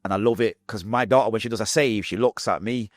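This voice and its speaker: On a podcast, a Manchester-born man in his forties gives a candid, fast-moving account of his life, animatedly impersonating the voices in his quotes. His voice is on the low side in a dry recording.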